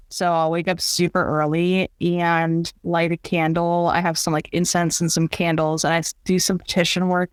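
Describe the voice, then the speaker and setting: A woman author chatting as a podcast guest, animated and acting out little quotes. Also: fairly low pitch, smooth, no echo. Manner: animated, acts out quotes in funny voices. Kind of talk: casual interview chat.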